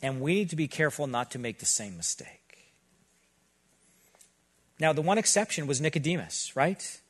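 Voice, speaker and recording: A middle-aged male pastor preaching a sermon, earnest and conversational with quick asides. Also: fairly high pitch, sing-song, a bit bright.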